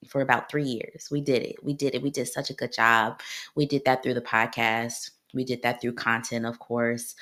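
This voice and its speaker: A very deep, slightly bright female voice belongs to a thirtysomething clinical psychologist from Ohio. Hosting her own podcast by herself, she talks from the heart in a personal style and repeats herself a lot.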